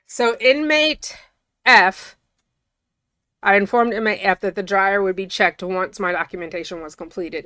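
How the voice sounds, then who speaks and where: Chatty, incredulous woman with a bright voice. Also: mid-range voice, dry recording, clean studio sound. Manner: chatty, incredulous, often laughing. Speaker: commentator. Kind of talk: reading documents aloud with casual commentary.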